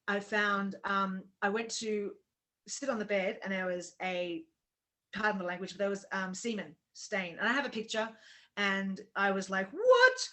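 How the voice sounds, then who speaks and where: A woman in a casual conversation, recounting a bad experience with lots of feeling and acting out what people said. Her voice is bright and forceful. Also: medium pitch. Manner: emotional storytelling, acts out quoted dialogue. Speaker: co-host. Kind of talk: casual chat.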